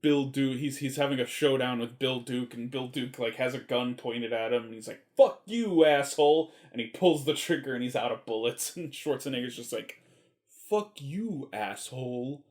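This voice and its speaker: A man's voice: mid-range voice, fairly even intonation, a little fast, few pauses. A man chatting casually about a movie, rambling and enthusiastic and swearing freely. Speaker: movie reviewer. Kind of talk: casual movie review chat.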